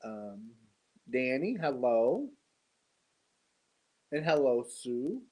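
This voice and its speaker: A tired, congested man hosting a casual live stream, greeting viewers and talking slowly with many pauses and fillers. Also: mid-range voice, sing-song, mellow, low-quality recording. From United States. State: tired and congested after surgery. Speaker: host of a live yarn stream.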